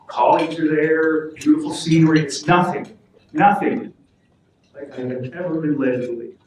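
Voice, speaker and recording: A man's voice: on the high side, fairly even intonation, normal speed, a little hiss or hum, lightly acted. A man voicing a flustered politician in a joke, hesitant and stammering, in an echoey hall. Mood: torn. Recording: echoey hall, mic from far off.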